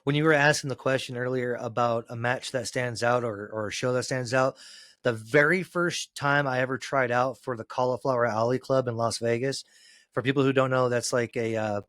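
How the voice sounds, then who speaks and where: A man, a former pro wrestler, telling road stories in a casual podcast chat, cursing freely and rambling, climbing loud and high as he gets worked up. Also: normal speed, no room sound. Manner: profane, rambling storyteller, gets loud and high when excited.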